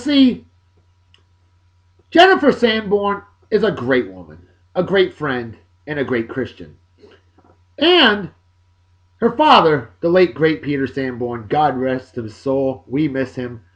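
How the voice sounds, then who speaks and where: Man, 40s, somewhat high voice, jokey, loud bursts and mumbled asides, casual vlog shout-outs. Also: lo-fi sound. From Massachusetts, USA. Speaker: video blog host.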